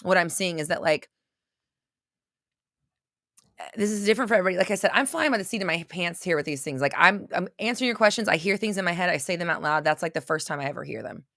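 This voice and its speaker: A woman hosts an unscripted livestream, answering viewer questions in a blunt, intense way and repeating phrases to drive her points home. Her lowish voice is gravelly, expressive, quick and a bit bright, recorded in clean studio sound with no room sound.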